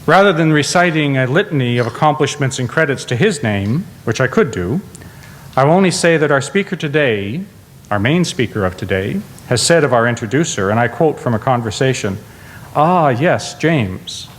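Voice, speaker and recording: A man hosting a university lecture, introducing the next speaker in a formal, measured way. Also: medium pitch, lively intonation. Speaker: faculty host introducing the speaker. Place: large lecture theatre. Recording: long reverb in a large lecture hall.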